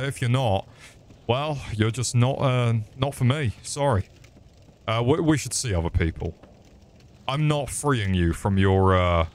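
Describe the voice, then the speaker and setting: A man's voice: medium pitch, noisy background. A young man giving crude, joking commentary while playing a game and talking to the enemies. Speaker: streamer. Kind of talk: gameplay commentary.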